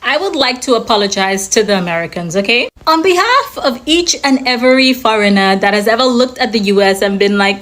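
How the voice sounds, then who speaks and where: High, lively woman vlogger, emphatic and dramatic, venting to camera. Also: fairly quick, few pauses. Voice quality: dramatic, emphatic, lots of "child" and "like".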